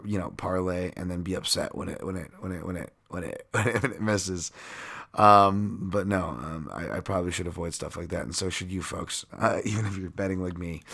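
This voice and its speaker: Bright-voiced, rambling, self-mocking man. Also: low-pitched. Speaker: podcast host. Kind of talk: casual sports-betting breakdown.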